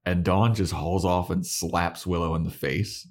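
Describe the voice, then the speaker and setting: A man co-hosting a podcast, casually recapping a TV episode and acting out characters' lines. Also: a little slow. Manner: animated retelling, acts out lines in high falsetto voices. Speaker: podcast co-host.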